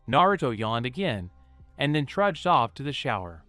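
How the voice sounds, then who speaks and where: A man narrating a fan fiction story in an even storytelling read. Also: medium pitch, moderate pace, no room sound, faint music behind.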